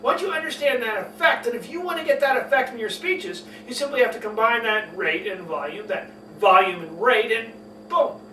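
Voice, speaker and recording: A man teaching public speaking, talking emphatically and deliberately swinging between loud and soft, fast and slow. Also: very high voice. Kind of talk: spoken lesson on public speaking. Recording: echoey room, mic at a distance, faint hum.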